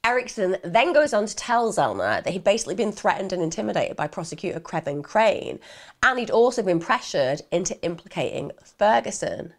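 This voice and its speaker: A woman's voice: medium pitch, big pitch swings, a little fast. A woman telling a true crime case in a chatty way, talking directly to her viewers.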